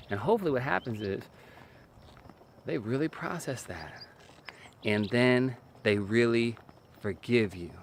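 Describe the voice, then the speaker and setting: With a low voice and a little hiss or hum in the recording, a man speaks earnestly and emphatically about relationships on video. His faith-based talk comes from personal experience, full of repeated short phrases and frequent "man."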